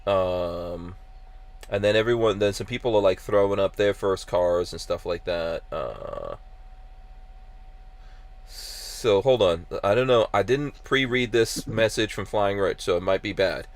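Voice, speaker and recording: A man's voice: on the low side, expressive. A man hosting a casual podcast, reading out live chat comments with lots of fillers and restarts. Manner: halting, many fillers and restarts. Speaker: podcast host.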